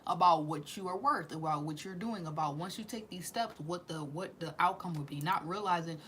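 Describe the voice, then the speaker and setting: A woman's voice: fairly low pitch, fairly quick, a bit bright, slight background noise. A woman doing a casual tarot reading in slangy, profane speech, with sudden drops into whispers. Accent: Southern US. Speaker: tarot reader.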